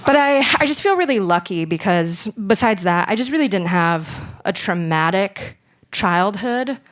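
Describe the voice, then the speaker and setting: A woman's voice: lively intonation, measured pace. Playful young woman doing stand-up. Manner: playful storytelling with sudden high squeals for effect. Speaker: stand-up comedian. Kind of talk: stand-up comedy set.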